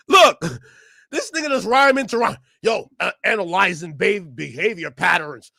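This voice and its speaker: A man ranting loudly and profanely to his chat during a live stream reaction. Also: high-pitched, animated, unhurried, vocal fry, no echo, studio quality. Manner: loud, profane ranting, often shouting; talks to his chat and laughs between bits.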